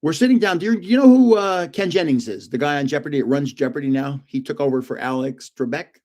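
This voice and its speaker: An older man with a slightly higher voice hosts a relaxed livestream from his home. He rambles through personal stories and chuckles often between lines. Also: fast. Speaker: livestream host. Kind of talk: casual storytelling livestream.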